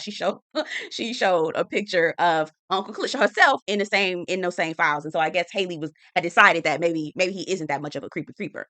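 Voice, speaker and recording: A woman chatting through a casual TV episode recap, animated and slangy with sassy asides. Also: lowish voice, fairly quick, no room sound. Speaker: TV recap host.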